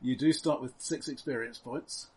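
A man running a tabletop game as game master, halting and full of restarts. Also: medium pitch. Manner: hesitant, many restarts and fillers.

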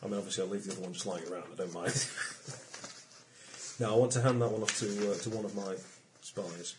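A man playing a tabletop role-playing game, talking in a dry, wry way and halting with ums while in character. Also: fairly low pitch, background noise. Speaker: player. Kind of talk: tabletop role-play chat.

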